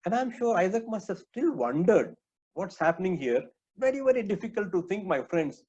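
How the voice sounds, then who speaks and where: A man preaching a sermon, earnestly calling his listeners his friends and pausing on small fillers. His voice sits a little high. The recording is dull and lo-fi. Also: very animated, a little mellow, breathy edge.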